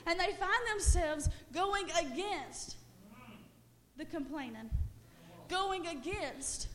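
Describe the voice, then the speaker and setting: Slowly and earnestly, a young woman preaches in a high, bright register, her urgency building as she stacks short repeated phrases and climbs toward shouting.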